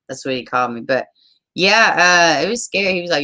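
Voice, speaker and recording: Chatty woman with a lively bright voice. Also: rumbling low, fast. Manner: swearing, chatty, trails off. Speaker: live streamer. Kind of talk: casual rambling commentary.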